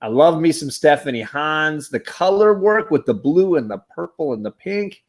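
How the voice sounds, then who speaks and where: A man on a casual live stream, giving enthusiastic shout-outs to the chat as a guest co-host. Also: a little high, expressive, moderate pace.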